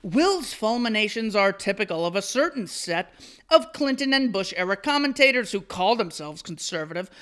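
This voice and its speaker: A man's voice: sits high, lively intonation, normal speed, a bit bright, smooth. Guy doing a commentary rant on an article, sarcastic and mocking, lots of asides. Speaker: commentary host. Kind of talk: solo commentary reading and rebutting an article.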